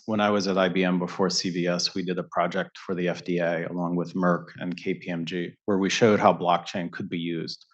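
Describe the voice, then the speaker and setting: A man's voice: low voice, lo-fi sound. A man on a conference panel, explaining in a methodical way with fillers and restarts. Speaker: panelist, healthcare tech executive. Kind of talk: panel discussion.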